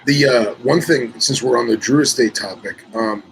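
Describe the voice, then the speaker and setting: A man co-hosting a podcast, chatting in a relaxed, self-mocking way. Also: medium pitch, moderate pace, gravelly, a little hiss or hum, low-quality recording. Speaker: podcast co-host. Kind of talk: casual chat.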